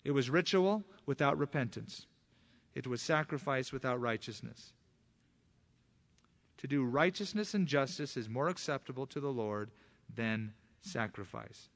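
A man's voice: medium pitch, lively intonation, a little slow, vocal fry. Emphatic middle-aged male pastor preaching. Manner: emphatic preaching with sudden rises. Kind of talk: sermon.

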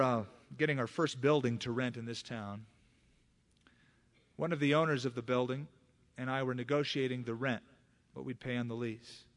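Middle-aged male pastor, emphatic sermon delivery, ordinary pitch. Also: fairly bright tone. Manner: emphatic preaching with sudden rises.

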